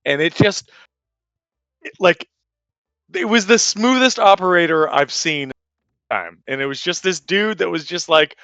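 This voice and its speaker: A man's voice: high-pitched, animated, unhurried, pauses often, sharp tone, smooth, no echo, lo-fi sound. A man in his forties telling a rambling, profane anecdote in casual chat, full of fillers and restarts. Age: 40s. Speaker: player telling a story.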